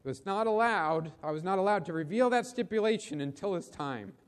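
A preacher doing a firm, insistent auctioneer in a big hall. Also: male voice, sits high, expressive, a little fast. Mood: solemn. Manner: insistent, calling out bids. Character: auctioneer, a firm older man. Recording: long reverb of a big hall.

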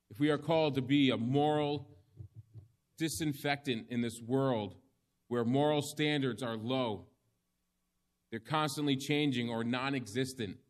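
Male preacher, mid-pitched voice, slow deliberate sermon delivery with weighty pauses.

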